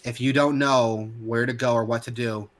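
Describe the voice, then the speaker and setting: A man co-hosting a casual podcast, his voice at an ordinary middle pitch. He rants heatedly, stumbling through restarts and fillers as he talks. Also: steady tone, normal speed, a little hiss or hum. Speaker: podcast co-host. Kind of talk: casual opinionated chat.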